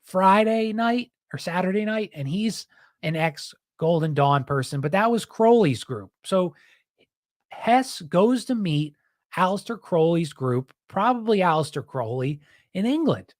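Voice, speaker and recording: A man's voice: high-pitched, expressive, measured pace, no room sound, clean studio sound. A man hosting a podcast, talking in a rambling, heated, casual way and often saying "dude". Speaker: podcast host.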